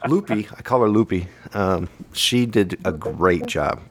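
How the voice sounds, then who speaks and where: A man's voice: on the low side, slow, slightly rough. A man chatting casually about a movie with friends, joking and laughing often. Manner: animated, jokey, laughs often.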